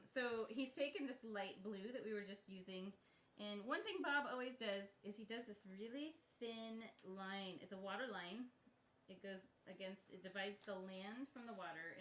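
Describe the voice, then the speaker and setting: A woman's voice: medium pitch, pushed and bright, slight background noise. Chatty woman teaching painting. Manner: chatty, casual, laughs often. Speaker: painting instructor. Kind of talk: step-by-step painting lesson. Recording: echoey room.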